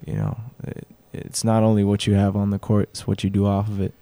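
Low, laid-back slangy co-host. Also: male voice, little pitch movement, fairly quick, creaky, mellow. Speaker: radio co-host. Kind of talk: casual radio chat.

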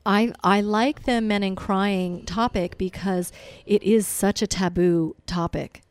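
A woman's voice: medium pitch, fairly even intonation, slow pace, a little mellow, dry recording. A woman hosting a casual conversation, reflective and encouraging as she shares a personal story. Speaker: host.

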